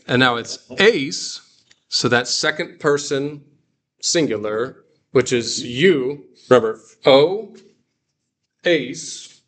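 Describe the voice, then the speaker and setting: Male teacher, slow delivery, patient, pauses with fillers, mid-pitched voice. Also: expressive, fairly bright tone. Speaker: Greek teacher. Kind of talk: guided reading lesson.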